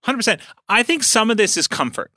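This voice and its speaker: A man talks shop about running tabletop games in an easy, chatty way. His voice is bright and forceful, and it swings up and down with energy. The sound is dry and close. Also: sits high, fairly quick, no echo. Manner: animated, laughs often. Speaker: podcast co-host and game master. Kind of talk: casual chat.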